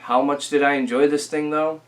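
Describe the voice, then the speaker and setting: A young man giving a casual, rambling album review, full of fillers and restarts, a little rough from a recent illness. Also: a little high, steady tone, normal speed, heavy background noise. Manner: rambling, filler-heavy, self-correcting. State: recovering from illness, occasional coughing.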